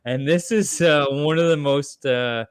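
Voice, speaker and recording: A man's voice: fairly high pitch, measured pace, slight background noise. A man hosting a casual movie chat, rambling with lots of fillers and restarts. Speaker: podcast host.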